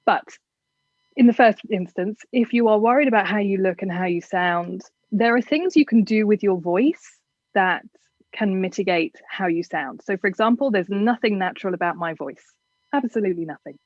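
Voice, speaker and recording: A woman's voice: medium pitch, lively intonation, moderate pace, no room sound, muffled recording. A woman from England with a generic southern English accent, giving frank, chatty advice as an interview guest. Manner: frank, chatty, self-deprecating.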